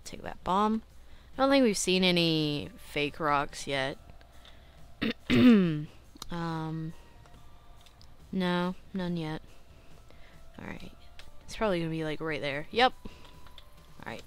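A young adult woman hosting a casual let's-play, chatty and self-critical, clearing her throat often and breaking into excited outbursts. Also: on the low side, takes it slowly, pauses often. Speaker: gaming channel host.

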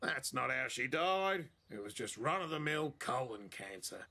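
An actor with an Australian accent playing a crude, teasing border guard in a video game, full of slang. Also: male voice, mid-range voice, animated, a little slow, vocal fry, bright, forceful tone, exaggerated voice. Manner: brash, teasing, heavy slang. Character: crude joking Australian border guard, middle-aged prankster.

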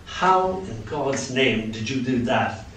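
A weary, sulky Death speaks in a slow, muttered tone, as a man reading his poem puts him on. The sound carries across a very echoey room from far off, and the voice sits at an ordinary middle pitch. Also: animated, fairly bright tone, slight background noise. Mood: peevish. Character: weary, peevish Death, a shy male reaper.

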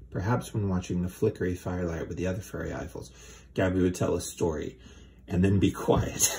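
A man's voice: low voice, a little mellow, a little hiss or hum. A man hosting a comedy show, reading a children's book aloud with dry, sardonic asides.

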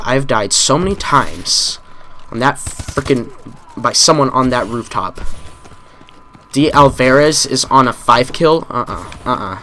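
A man's voice: mid-range voice, expressive, measured pace, sharp tone, a little hiss or hum. A man hosting a gaming channel, giving live commentary on a shooter match in a frustrated, ranting manner full of swearing. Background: game gunfire.

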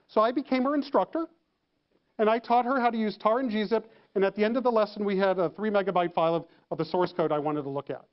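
Animated male storyteller, dull lo-fi sound. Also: high-pitched, fast talker. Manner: animated storyteller acting out phone calls. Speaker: keynote speaker. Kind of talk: storytelling talk.

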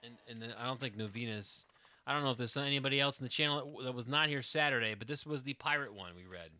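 A man's voice: mid-range voice, fast talker, pushed and bright, no room sound. A man hosting a casual live stream with his wife, rambling and chatty, breaking off and restarting his thoughts, and reading silly word-game stories aloud with mock seriousness.

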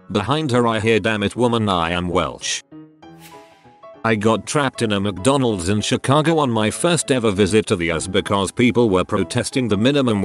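A man narrating reader-submitted stories as scripted narration, reading aloud with a lively, animated delivery. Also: fairly low pitch.

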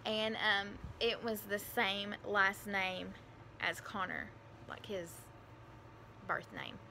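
A woman's voice: mid-range voice, fairly even intonation, takes it slowly, gravelly, pushed and bright, slight background noise. A young woman with a country accent telling a personal story in a casual, rambling, earnest way, with lots of fillers. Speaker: adoptive mother vlogger.

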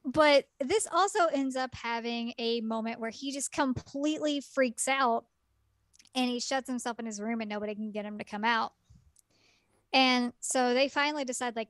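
A chatty woman with a slightly high voice, telling a story in relaxed podcast style. Her speech is full of "like" and "um", with quick laughs and exclaimed asides. The recording is dry and close, with no room sound. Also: smooth, no room sound. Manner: chatty, filler-heavy retelling with lots of "like" and "um". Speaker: podcast co-host reviewing a game. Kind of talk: casual podcast chat.

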